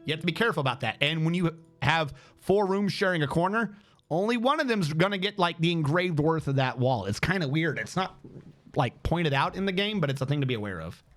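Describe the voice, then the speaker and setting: A male streamer giving rambling, excitable gameplay commentary with lots of fillers. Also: on the high side, a little fast.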